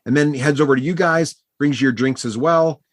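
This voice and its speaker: Male game master, relaxed halting narration, dry close mic. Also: on the high side, no room sound. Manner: relaxed, hesitant, lots of ums.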